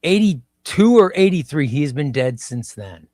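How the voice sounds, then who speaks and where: Man, 50s, stream host, unhurried and reflective, a bit higher voice, close dry sound. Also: very animated, a little mellow, no echo. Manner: slow, reflective, repeats phrases. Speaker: livestream host. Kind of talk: casual live stream chat. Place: home room.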